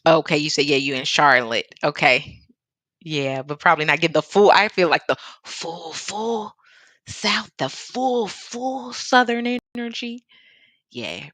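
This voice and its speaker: Chatty Chicago-accented woman, low and dry. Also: expressive, measured pace, fairly bright tone, dry recording. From American Midwest. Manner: chatty, reads out viewer comments, laughs often. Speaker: artist livestream host. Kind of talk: casual livestream chat while painting. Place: home studio in Seattle.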